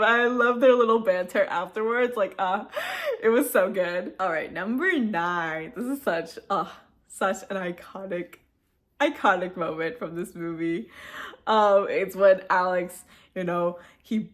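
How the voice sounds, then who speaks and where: A young woman chats casually on camera about a film she loves. She gushes, giggles often and fills her talk with ums and likes. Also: medium pitch. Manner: gushing, giggly, emotional, lots of fillers. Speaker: vlogger reviewing a movie. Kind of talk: casual chat.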